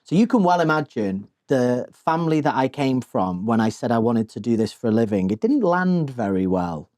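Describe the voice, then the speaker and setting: A man's voice: medium pitch, very animated, normal speed, a little mellow, no echo. Reflective British man, dry close sound. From England. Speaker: guest dancer and choreographer. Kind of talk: casual interview chat.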